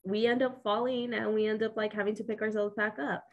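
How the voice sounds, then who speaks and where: A woman's voice: mid-range voice, little pitch movement, a little fast, phone-quality sound. A woman co-hosting a casual podcast, upbeat and giggly, with lots of "you know" and "like". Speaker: podcast co-host.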